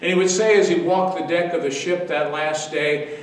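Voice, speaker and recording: A man's voice: fairly high pitch, fairly even intonation, normal speed. A man in his seventies, a pastor giving a daily devotional sermon, telling the story earnestly and repeating phrases for weight. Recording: echoey room, distant mic.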